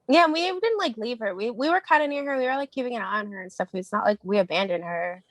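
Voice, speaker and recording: High, lively young woman, giggly. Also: no echo. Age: young adult. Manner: giggly, quick jokey interjections. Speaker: podcast co-host. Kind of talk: casual chat.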